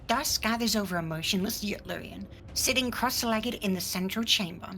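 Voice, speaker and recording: A woman giving a soft, measured dramatic reading of a scene in a tabletop game. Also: medium pitch, poor audio. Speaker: player reading a scene aloud.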